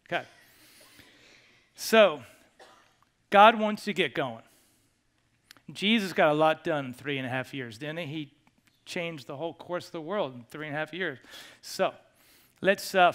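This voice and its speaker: A male pastor giving a sermon to his congregation in a church, animated and joking as he coaxes them along. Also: a little high. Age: over 25. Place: church sanctuary.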